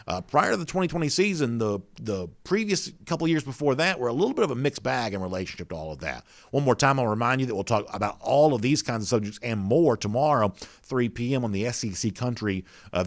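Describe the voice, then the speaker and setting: A man's voice: mid-range voice, lively intonation, fairly quick, hardly any pauses, dry recording. A man hosting a casual sports talk show, chatting loosely with plenty of "you know" fillers and reading out viewer comments.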